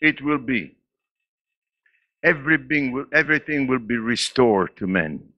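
A man's voice: lively intonation, unhurried, no room sound, highs cut off. Man in his eighties with an accent, preaching. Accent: non-native English. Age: 80s. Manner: preaching with laughs and sudden swings in pitch and loudness. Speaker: pastor. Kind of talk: sermon. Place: church.

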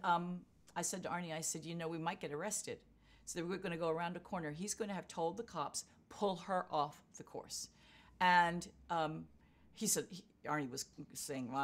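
An older woman being interviewed, telling a story with lively acted-out quotes. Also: low voice, moderate pace. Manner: vivid storyteller acting out quotes. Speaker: interviewee, marathon runner.

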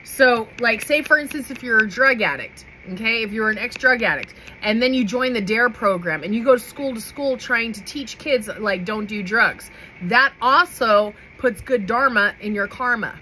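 Woman tarot reader talking casually to camera; bright, emphatic, frequent "okay?", light background hiss. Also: on the high side, moderate pace, rough recording. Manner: chatty, emphatic, repeats "okay?", laughs often.

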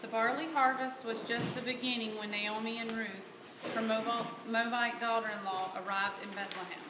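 A woman's voice: on the high side, moderate pace. A woman with a Southern American accent narrating a Bible story aloud in church as a volunteer reader. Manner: plain steady storytelling read. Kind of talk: reading scripture narration. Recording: echoey church room with hiss.

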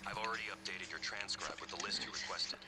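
An actor voicing a calm male guide who gives the player instructions in a game. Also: low voice, fast talker, heavy background noise, lightly acted. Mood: instructive. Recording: game audio under loud music.

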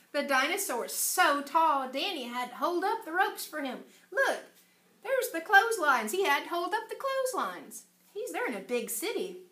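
A woman preschool teacher talks to small children and reads them a storybook. Her voice is high and bright, and she swoops up and down with great expression. The echoey classroom rings around her. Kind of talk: circle time lesson and read-aloud.

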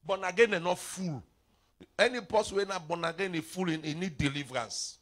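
Preacher man, middle-aged, bright voice sitting a bit high, pidgin english sermon, jumps from mutters to shouts. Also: fairly quick. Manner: animated preaching in pidgin-laced English, sudden shouts and playful asides. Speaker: apostle preaching at a revival.

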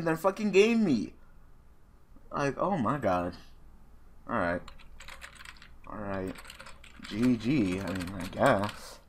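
Animated, laughing man ranting over a game. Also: mid-range voice, slight background noise. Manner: muttering to himself, then laughing and ranting in disbelief. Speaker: gaming channel host. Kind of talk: casual gameplay commentary.

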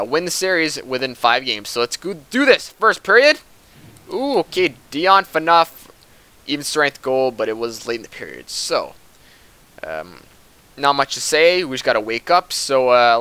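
A young man with a bright, forceful voice talks his way through a hockey video game. His commentary is casual and excitable, and he calls out to the players on screen as if they could hear him. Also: a little high, clean tone. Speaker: gaming commentator.

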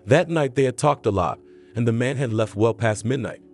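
Steady male story narrator, faint music. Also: mid-range voice, moderate pace.

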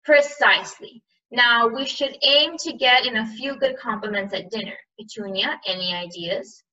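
A blustering, bossy middle-aged uncle who barks every order, as a woman reads him aloud. The voice is bright and sharp. It sits a little far from a dull, muffled mic. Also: fairly high pitch, moderate pace. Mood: gruff.

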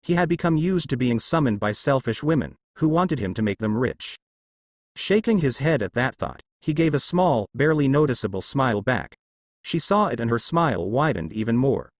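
A man reading a fan fiction story aloud as narrator, with lively storytelling delivery. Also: mid-range voice, normal speed, no echo.

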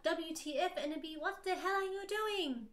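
A woman's voice: extremely high pitch, moderate pace, fairly bright tone, pitched above the performer's own voice. A woman playing an overwrought goth teacher. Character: dramatic gothic female teacher, weepy.

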